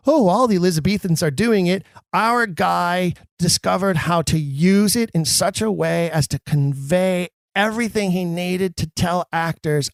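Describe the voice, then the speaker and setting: A man's voice: on the high side, no room sound, clean studio sound. A man hosting a podcast, explaining verse to actors in an emphatic way with wry, self-mocking asides. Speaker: podcast host. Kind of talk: explanatory talk on Shakespeare for actors.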